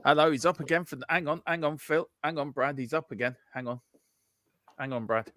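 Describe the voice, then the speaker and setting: A man's voice: on the high side, fairly even intonation, brisk, sharp tone, dry recording, studio quality. A man co-hosting a casual live football chat stream, reading out viewer comments in a playful, repetitive way. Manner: playful, repeats himself in bursts.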